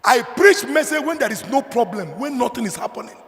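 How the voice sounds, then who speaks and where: A Nigerian man preaches from the pulpit in a high voice. He hammers points loudly and then falls to quiet, low asides. A long reverb from the hall trails his words. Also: lively intonation, brisk, a little hiss or hum. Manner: emphatic preaching, swinging between loud declarations and low asides. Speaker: pastor. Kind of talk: sermon.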